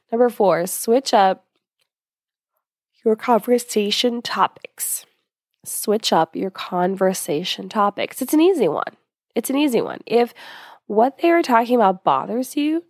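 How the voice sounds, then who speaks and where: A woman's voice: mid-range voice, no room sound, studio quality. A young woman talking casually as a host giving advice, chatty with lots of fillers, a little short of breath. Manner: chatty, many fillers and asides.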